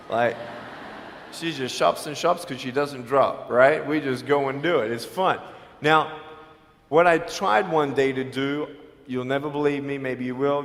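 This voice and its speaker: A man giving an emphatic motivational speech to a school audience, swinging between hushed and loud. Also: medium pitch. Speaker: motivational speaker. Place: large school hall. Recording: echoey hall reverb.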